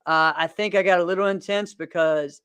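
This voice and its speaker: In a casual podcast chat, a man in his thirties who hosts the show and competes in martial arts rambles in an upbeat way, laughing frequently and using many fillers. His high voice is fairly bright and clean, with fairly even intonation at a fairly quick pace. No echo is present.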